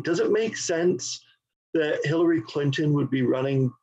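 A man co-hosting a podcast, speaking in a halting, agreeable way with lots of fillers. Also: on the high side, animated, darkish tone, husky, dull audio. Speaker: podcast co-host. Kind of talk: casual political chat.

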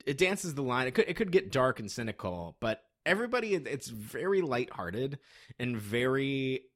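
A man's voice: mid-range voice, sing-song, moderate pace, fairly bright tone. A man chatting casually about a movie, rambling through his points with plenty of "like" and restarts. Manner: rambling, many "like" fillers and restarts. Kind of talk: casual movie-discussion chat.

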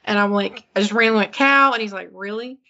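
A woman co-hosting a podcast in casual chat, a relaxed, teasing storyteller. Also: mid-range voice, racing, creaky, lo-fi sound, a crowd in the background. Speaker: podcast co-host.

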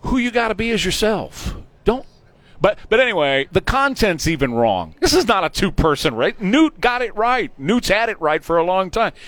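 Texan man, radio host, emphatic; lively upper-middle voice, dry studio sound. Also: high-pitched, normal speed, no echo. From Texas. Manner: emphatic, repeats points for punch. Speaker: radio talk show host. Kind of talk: opinionated talk radio. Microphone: studio microphone.

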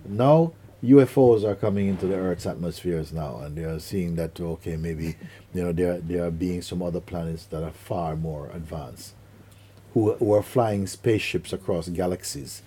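A middle-aged man giving a spiritual talk to an audience. He speaks in an unhurried, earnest way and acts out quotes and vivid images. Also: deep voice, mellow, slight background noise. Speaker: spiritual teacher.

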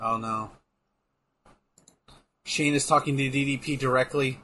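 A man co-hosting a casual chat while watching wrestling, excitable, swearing and trailing off into fillers. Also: medium pitch, unhurried, a little hiss or hum. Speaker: podcast co-host.

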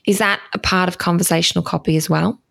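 A woman co-hosting a podcast who asks questions in a relaxed way, with some ums. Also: fairly low pitch, fast talker, vocal fry. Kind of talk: casual interview chat.

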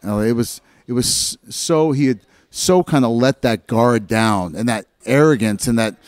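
This middle-aged man, a former hockey player, speaks at medium pitch with a measured pace and a clean tone, free of echo. He tells locker-room stories in casual chat, animatedly acting out the voices he quotes.

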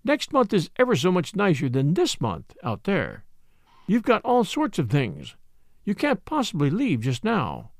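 A man voicing a spoiled, wealthy young American woman who speaks with strained, forced brightness in a storybook reading. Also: high-pitched, wildly swooping pitch, unhurried, dry recording, clean studio sound, full character voice. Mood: tense.

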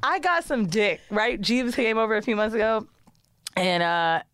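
A young woman co-hosting a podcast in casual chat, an animated and profane storyteller who laughs often and mimics the people she talks about. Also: medium pitch, moderate pace, a little hiss or hum. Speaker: podcast co-host.

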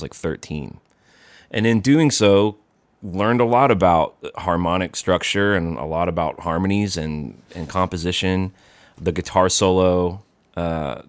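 A wry musician co-hosting a casual chat, with dry humor. He has a very deep voice. The sound is close and dry. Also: no echo. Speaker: co-host and musician.

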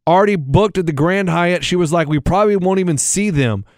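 A man's voice: high-pitched, animated, brisk, darkish tone, no room sound, studio quality. A man co-hosting a podcast, chatting casually about sports and reading listener messages aloud. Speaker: podcast co-host.

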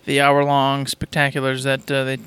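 A man's voice: mid-range voice, monotone, normal speed, fairly bright tone, smooth, no room sound. A young man co-hosting a casual podcast, playful and teasing, laughing often. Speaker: podcast co-host. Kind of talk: casual chat.

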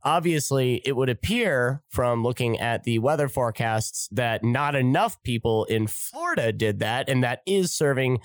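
A male podcast host with a flippant, sarcastic streak and a habit of swearing in his comedic monologue. His voice sits in an ordinary middle pitch, and the sound is dry and close. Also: animated, normal speed, few pauses, no room sound.

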